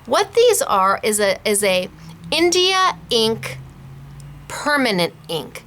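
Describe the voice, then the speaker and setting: A chatty, bubbly woman hosts a casual craft tutorial, laughing easily as she goes. Her voice sits a little high and rings bright and forceful. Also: sing-song, takes it slowly, slight background noise. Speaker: host of a scrapbooking shop channel.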